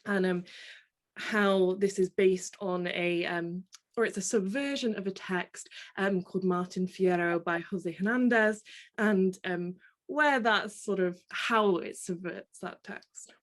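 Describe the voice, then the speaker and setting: A woman's voice: mid-range voice, slow pace. A woman hosting an interview, introducing guests and asking friendly, rambling questions with fillers. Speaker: host.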